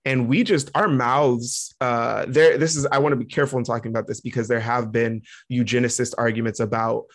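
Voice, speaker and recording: Animated laughing male podcast co-host. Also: mid-range voice, brisk, hardly any pauses. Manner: animated, laughs often, mimics voices. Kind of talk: casual chat.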